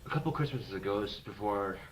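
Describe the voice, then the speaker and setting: A man's voice: fairly low pitch, lively intonation, fast talker, a crowd in the background, low-quality recording. A young man talking casually into a webcam, rambling and blunt, swearing often. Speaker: vlogger.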